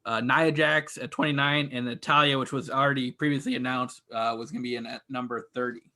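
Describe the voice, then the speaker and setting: A man's voice: mid-range voice, fairly even intonation, brisk, pushed and bright. A man co-hosting a podcast, steadily recapping an event in a list-like way with filler uhs. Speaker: podcast co-host.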